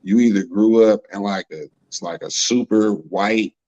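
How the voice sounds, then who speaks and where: A man's voice: on the low side, moderate pace, darkish tone, lo-fi sound. A man talking in a rambling, slangy way with many fillers during a casual chat.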